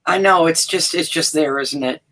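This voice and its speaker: A woman's voice: low-pitched, moderate pace, fairly bright tone. An older woman, a guest musician, chatting in an interview over a video call in a chatty, emphatic way with laughs. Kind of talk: casual interview chat.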